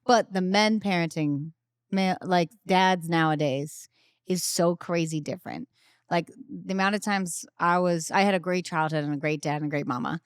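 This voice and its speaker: A woman's voice: normal speed, clear, resonant tone, dry recording, clean studio sound. A woman in her thirties, a podcast host and mother, chatting casually and laughing often as she acts out her children's voices. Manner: animated, laughs often, acts out her kids in high squeals.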